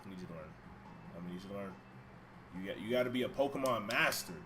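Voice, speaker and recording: Streaming a video game from a room at home, a man talks quickly in a lowish voice, joking with viewers and swearing freely. Game music plays, and crowd noise can be heard.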